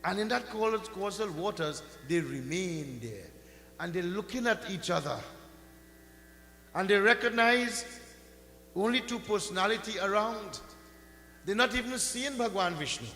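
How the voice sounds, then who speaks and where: A man delivers a sermon at a very unhurried pace, his tone bright and ringing. His voice booms through a large hall with a long reverb tail and a faint hum underneath. He draws out key words and now and then chants a mantra. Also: animated. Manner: slow, rising and falling emphatic delivery, chanting mantras. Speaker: pundit giving a religious discourse. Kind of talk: sermon storytelling.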